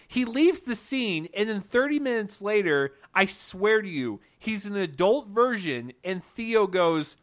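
A man's voice: high-pitched, animated, unhurried, hardly any pauses, a bit bright. A man co-hosting a film review chat, retelling scenes animatedly with exasperated asides. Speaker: film review podcast co-host. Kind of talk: casual chat.

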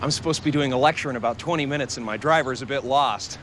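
A man's voice: mid-range voice, very fast, natural voice. An actor playing a goofy, bumbling man in a limo who asks for directions and fakes an Australian accent. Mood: polite. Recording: noisy street with traffic.

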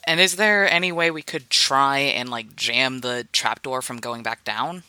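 Very bright-voiced tabletop player. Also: medium pitch, measured pace. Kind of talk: casual tabletop play.

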